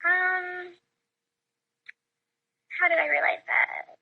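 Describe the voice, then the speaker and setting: A young woman answering interview questions in a hesitant, halting way. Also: extremely high pitch, fairly even intonation, vocal fry, narrow, tinny audio.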